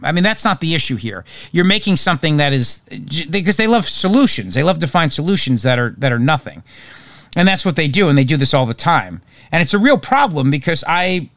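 A man's voice: on the high side, a bit bright, no echo, clean studio sound. A male talk show host giving casual political commentary, short on sleep and rambling from one topic to the next. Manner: rambling, jumps between topics.

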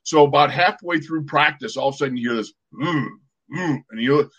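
A man's voice: mid-range voice, fast talker. A man in his sixties, a former football player co-hosting a podcast, telling a story with energy and acting out sounds and voices. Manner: lively, acts out sounds and quotes. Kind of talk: animated storytelling.

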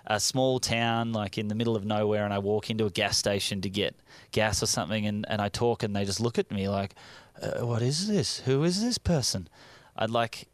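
A man's voice: fairly low pitch, no echo. A young adult man with an Australian accent, a comedian telling jokey, self-mocking stories in a casual studio interview. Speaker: comedian guest. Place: radio studio.

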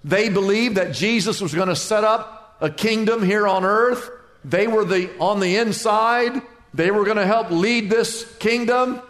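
A male pastor preaching a sermon, acting out worried voices and calming replies with dramatic swings. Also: high voice, measured pace. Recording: echoey hall with long reverb.

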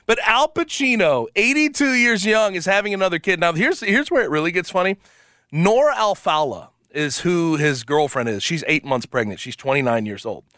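A man hosting sports talk radio, animated and emphatic, quick to laugh. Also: high-pitched, no room sound, studio quality. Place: radio studio.

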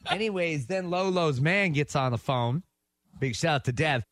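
A man's voice: a little high, moderate pace, dry recording, studio quality. A man, co-hosting a morning radio show and telling a story, acting out the quotes as he goes. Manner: animated storyteller who acts out quotes. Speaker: radio co-host.

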